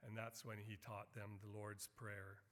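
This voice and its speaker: A middle-aged man preaching a sermon as a missionary, earnest and building to emphatic, animated quotes. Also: on the low side, measured pace. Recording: long hall reverb.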